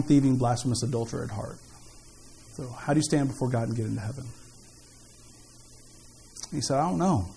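A man preaching a sermon as pastor, in an animated, jokey, conversational way. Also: medium pitch, slight background noise. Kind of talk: sermon with storytelling.

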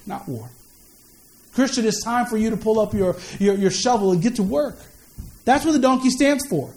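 A man's voice: high-pitched, darkish tone. A man preaching a sermon in a conversational way, repeating words and asking the listeners questions. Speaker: pastor.

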